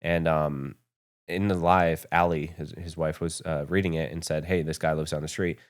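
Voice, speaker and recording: A very deep male voice with flat delivery speaks at a moderate pace. He's an American podcast guest in a studio, telling his founder story in a candid, profane, rambling way during a casual storytelling interview.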